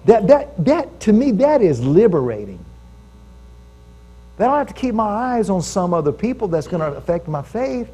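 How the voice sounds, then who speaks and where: An American man preaching a sermon as pastor, telling a story with lively calls to his congregation. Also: high-pitched, normal speed, slightly rough.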